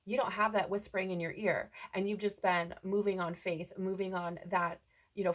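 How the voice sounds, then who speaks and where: A woman's voice: fairly low pitch, a bit bright, rough recording. Earnest woman giving a tarot reading. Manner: earnest, reassuring, says "right?" often. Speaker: tarot reader. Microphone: headphones on, close mic.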